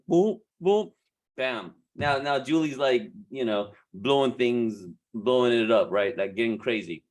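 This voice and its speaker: A man coaching beauty professionals in a casual, animated way, laughing often and restarting his sentences. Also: medium pitch, measured pace.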